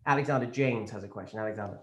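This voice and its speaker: A smug, entitled Tory minister, as a comedian puts him on, speaking in a plummy upper-class English voice and rambling through posh fillers and casual swearing. The voice sits at a middle pitch and sounds like it was recorded in an echoey room. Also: male voice, rapid-fire, a bit bright, lightly acted. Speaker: comedian in character as a government spokesman. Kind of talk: improvised satirical press conference.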